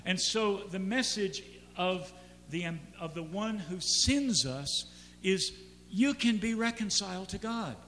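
A male pastor preaches a sermon in a church hall, chatting easily and then building to emphatic peaks. His voice is high and bright. A long reverb trails his words over a faint hum. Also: animated, slow.

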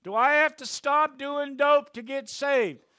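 A man voicing a stoned, insistent heckler who yells his question up at a speaker. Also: a little slow, no room sound, clean studio sound, exaggerated voice. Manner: shouting, high strained yell.

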